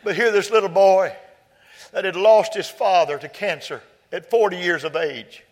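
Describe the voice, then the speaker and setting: A pastor preaching a sermon, telling personal stories quietly and then rising to shouted climaxes. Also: male voice, high voice, moderate pace. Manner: swings from soft storytelling to loud shouted peaks.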